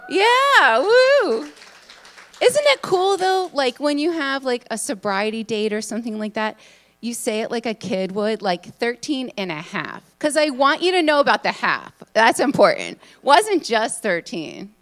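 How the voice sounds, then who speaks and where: Woman, bubbly, chatty, lively intonation, live talk. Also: a little high, moderate pace. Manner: bubbly, excitable, chatty with many fillers. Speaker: conference speaker, hypnotist. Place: event room in front of an audience.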